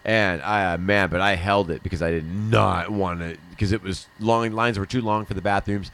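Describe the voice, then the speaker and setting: A man's voice: sits low, fairly even intonation, normal speed, fairly bright tone. A middle-aged man hosting a livestream, telling a rambling personal story in casual chat, often laughing and swearing. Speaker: livestream host.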